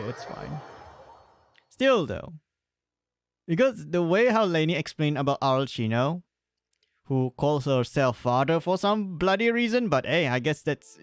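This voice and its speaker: A man with a Southeast Asian English accent casually joking and rambling with fillers while streaming a game. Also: mid-range voice.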